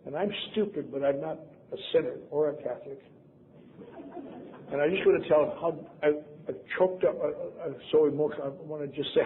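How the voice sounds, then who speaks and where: This is a convention speaker, a man in his seventies from Wisconsin, whose wry, self-mocking storytelling includes acted-out quoted voices. His pitch is fairly high and his pace a little fast. The recording is lo-fi tape, phone-like, with faint hiss.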